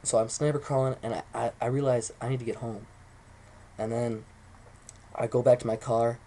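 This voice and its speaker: A young man telling a rambling, excitable story to the camera, swearing often as he goes. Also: mid-range voice, moderate pace, a little hiss or hum. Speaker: vlogger.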